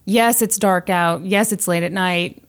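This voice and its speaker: A woman co-hosting a podcast, casually telling a true crime story with animated delivery and acted-out quotes. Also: fairly low pitch, a little slow. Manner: animated, acts out quoted voices, laughs often.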